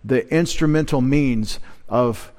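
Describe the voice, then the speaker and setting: A man teaching a midweek Bible study in an unhurried, halting way. He fills pauses with "uh" and "um," restarts his phrases, and laughs off his own shaky Greek pronunciation as he explains a verse. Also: mid-range voice, darkish tone. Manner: unpolished Greek pronunciation, self-deprecating asides. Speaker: pastor.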